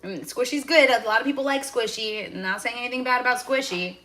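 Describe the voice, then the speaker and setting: A woman's voice: a little high, fast, bright, forceful tone. Chatty woman livestreaming while cooking. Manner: chatty, reads viewer comments aloud, swings from cheerful to indignant. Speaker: livestream host. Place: home kitchen. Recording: faint background noise from frying food. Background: food sizzling in a pan.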